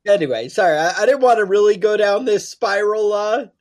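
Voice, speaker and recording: A man's voice: high voice, brisk. A man co-hosting a podcast, talking casually in rambling, joking asides. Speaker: podcast co-host.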